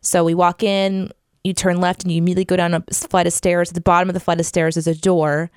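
A woman's voice: fairly low pitch, level tone, fast, a little mellow, clean tone, no echo. A woman co-hosting a podcast in a home studio, chatty and upbeat, telling stories and laughing easily. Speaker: podcast co-host, radio professional. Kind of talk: casual podcast chat.

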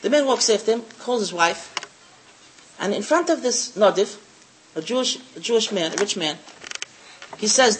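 A woman's voice: medium pitch, lively intonation, normal speed, pauses often, slight background noise, low-quality recording. A woman giving a religious lecture, telling stories with emphasis and repeating key phrases. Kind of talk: Torah lecture with storytelling.

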